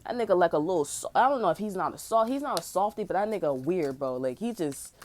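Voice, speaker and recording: A woman's voice: on the low side, lively intonation, fast, darkish tone. A woman in her twenties ranting in heated, unscripted talk, swearing a lot and saying "bro" at nearly every turn. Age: 20s. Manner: profane, heated, says "bro" constantly. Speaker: tarot channel host. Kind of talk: casual unscripted rant.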